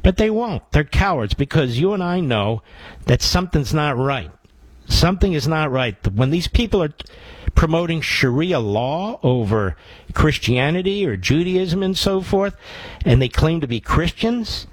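A man's voice: a little high, animated, a little slow, breathy edge, no echo, low-quality recording. Opinionated talk radio guy taking calls, dry close mic. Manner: combative, opinionated, sarcastic. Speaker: radio talk show host.

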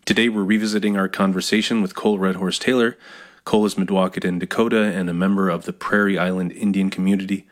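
A man hosting a radio show, reading a smooth introduction and then chatting with his guest. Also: sits low, flat delivery, fast.

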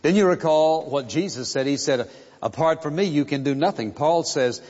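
A man preaching a sermon, slow and emphatic, repeating key phrases for stress. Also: a little high, a little mellow. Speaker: pastor. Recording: muffled sound in a reverberant hall.

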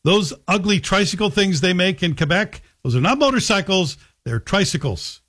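Man, radio talk host, slightly high voice, wry and sardonic delivery. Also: animated, moderate pace, fairly bright tone. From Scotland. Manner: sardonic, joking, slips into a Scottish voice for anecdotes. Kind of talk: opinionated radio monologue.

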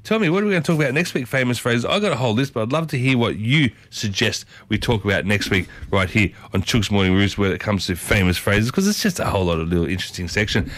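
A man's voice: fairly low pitch, expressive, fast talker, hardly any pauses, a bit bright, dry recording. An Australian man hosting a community radio show, talking in a chatty, enthusiastic way with his voice swooping upward. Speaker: radio host.

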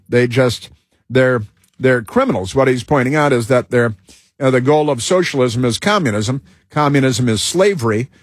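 A man talks his way through a loose host monologue, stopping and restarting, leaning on uh and um as he goes. His voice sounds husky and a little rough, and the recording is dry and close with no room sound. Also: medium pitch, no room sound. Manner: halting, with many fillers and restarts. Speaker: talk show host. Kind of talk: rambling talk show monologue.

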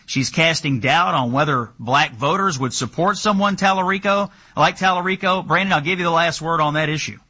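Bright, husky sardonic male host. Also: fairly high pitch, brisk, few pauses. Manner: sardonic, punchy. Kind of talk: political talk show hosting.

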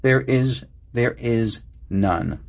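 Older man, interview guest, expansive storyteller, breathy voice, muffled sound. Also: mid-range voice, drawn-out words. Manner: expansive, laughs at himself. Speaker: screenwriter guest. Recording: muffled broadcast audio.

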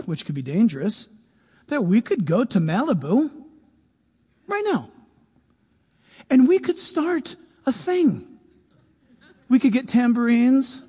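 A man preaching a sermon as pastor, animated, with humorous asides. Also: sits high, husky. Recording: long hall reverb.

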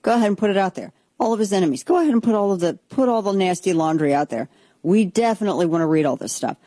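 A woman's voice: medium pitch, fast, dry recording. Sarcastic woman hosting political commentary, dry sound. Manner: sarcastic, animated, blunt. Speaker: political talk show host. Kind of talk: opinionated commentary.

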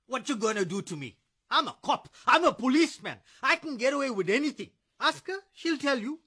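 An actor playing a drunk, abusive ex-husband who is a bullying cop, slurring and taunting. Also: male voice, very high voice, very animated, a little fast, sharp tone, breathy edge, full character voice.

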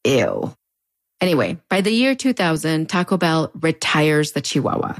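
A woman's voice: low voice, sing-song, moderate pace, dry recording, studio quality. A woman with a US-Mexico border accent narrating a video essay in a conversational, wry way. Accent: US-Mexico border Spanish-tinged English. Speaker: host.

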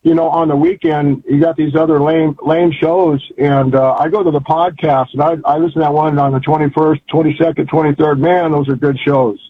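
Older guy calling in on a tinny phone, rambling and fired up, kinda husky, fairly high voice. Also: steady tone, fairly quick, few pauses. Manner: rambling, folksy and fervent. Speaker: caller. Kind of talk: phone-in chat.

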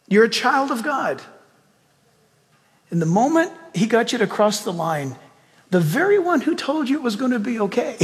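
A man's voice: sits high, big-room sound. A male pastor preaching a sermon, telling a story with emphatic rhetorical questions and ending in prayer.

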